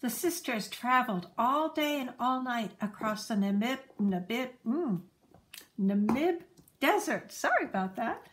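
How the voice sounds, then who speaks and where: A woman reading a children's picture book aloud in a gentle, lively storytelling manner. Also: fairly high pitch, normal speed, a little hiss or hum.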